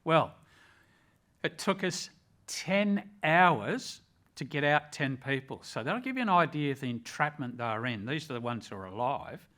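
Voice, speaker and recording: Older Australian man, retired rescuer, earnest and measured storyteller. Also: medium pitch, lively intonation, pushed and bright. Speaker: retired rescue officer, ambulance chaplain. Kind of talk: personal storytelling.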